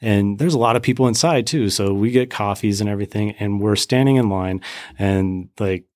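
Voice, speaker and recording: A man's voice: on the low side, moderate pace, dry recording, clean studio sound. A man telling a long personal story in casual chat, acting out the quotes of the people in it. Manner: animated storyteller, acts out quotes. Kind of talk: casual faith podcast chat.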